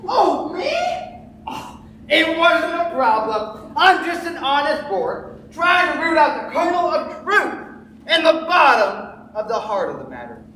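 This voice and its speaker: A squealing, indignant pig, played by a young actor, swoops up and down in a high voice and snorts through the lines. The sound carries from far across a very echoey auditorium with faint hiss. It is a school stage show. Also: big pitch swings, a little slow, exaggerated voice. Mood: earnest. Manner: shouty and huffy, snorts and sniffs. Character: indignant pig, later a snuffling boar reporter.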